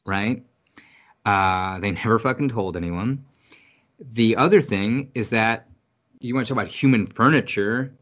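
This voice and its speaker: Man from New York City, lower voice, casual, swears a lot, animated storyteller. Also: a little slow. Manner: rambling, profane, animated storytelling. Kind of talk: casual conversation. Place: Virginia.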